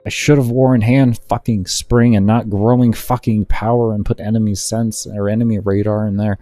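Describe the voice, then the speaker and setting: A young male gaming streamer with a very low, mellow voice. He chats casually with his viewers, then rants and swears hard at his own mistakes. The sound is close and dry, with faint music underneath. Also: normal speed, hardly any pauses, dry recording. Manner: swears heavily, rants and berates himself when frustrated; chats with viewers in a relaxed, rambling way. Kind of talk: casual live-stream chat while gaming.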